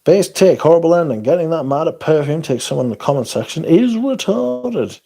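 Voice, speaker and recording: A man's voice: a little high, lively intonation, a little fast, gravelly, dark tone. A man hosting a livestream, chatting casually as he reads viewer comments aloud in a blunt, profane, sarcastic way. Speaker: livestream host.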